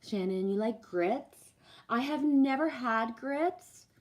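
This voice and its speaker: A woman's voice: on the high side, lively intonation, takes it slowly. A woman reading cards on a live stream, chatting casually, swearing freely and answering viewer comments. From Canada. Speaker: livestream card reader.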